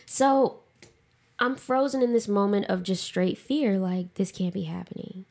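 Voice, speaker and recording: A woman's voice: mid-range voice, unhurried, a little mellow. A woman co-hosting a podcast, frankly telling a personal story with emotion, swearing freely and saying "like" a lot. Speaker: podcast co-host.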